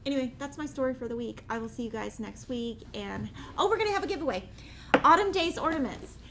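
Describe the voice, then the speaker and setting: This is a middle-aged woman who hosts a cross-stitch show, talking fast in a high voice as she chats informally with viewers. With plenty of animation, she voices herself and the other characters in her story. A little hiss or hum sits under the recording.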